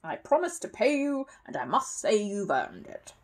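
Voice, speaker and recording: A woman doing a gruff grumbling neighbor. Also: medium pitch, big pitch swings, normal speed. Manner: growling, blunt. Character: gruff suspicious middle-aged neighbor man.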